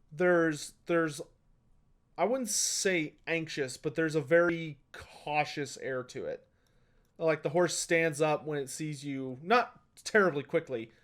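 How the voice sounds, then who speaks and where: A man running a tabletop game as game master, describing scenes in a loose, rambling way. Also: a little high. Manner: rambling descriptive narration with fillers. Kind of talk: game master narration, casual.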